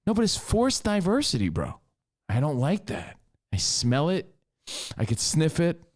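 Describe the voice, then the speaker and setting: A man co-hosting a podcast, talking in an animated, opinionated casual way. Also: a little high, measured pace. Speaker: podcast co-host. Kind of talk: casual chat.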